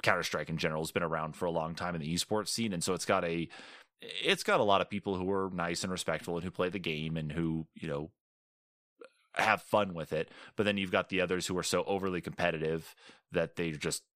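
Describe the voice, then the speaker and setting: A man's voice: deep voice, fairly even intonation, brisk, a bit bright, no room sound, studio quality. A man co-hosting a casual gaming podcast, talking in a rambling, agreeable way with many fillers. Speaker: podcast co-host.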